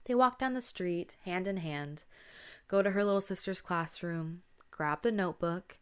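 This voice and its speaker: A woman's voice: lowish voice, moderate pace, fairly bright tone, clean tone. A woman hosting a podcast, casually retelling a spooky story and dropping to a whisper at tense moments. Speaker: podcast host.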